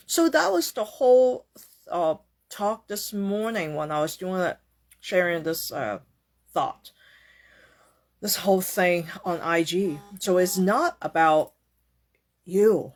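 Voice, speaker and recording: A woman hosting a casual self-help talk, often ending her points with "okay?" or "right?" and acting out quoted reactions in a higher voice. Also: animated, slow pace. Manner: tags sentences with "okay?" and "right?". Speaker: host.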